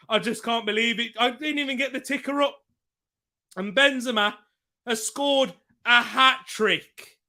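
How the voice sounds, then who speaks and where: High bright-voiced guy hosting a football watchalong from his room, hyped commentary and reading chat. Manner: excitable, reacts loudly and reads out viewer comments. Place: room at home.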